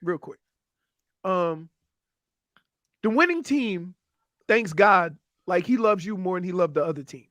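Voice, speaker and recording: Lively high-voiced man on sports radio. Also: unhurried, long pauses, dry recording. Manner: animated, exclaiming, mocking. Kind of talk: casual sports talk.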